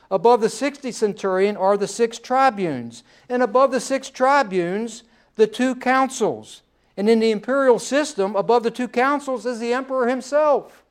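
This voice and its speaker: High-voiced male pastor preaching. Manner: conversational, repeats phrases, asks "right?". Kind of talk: sermon.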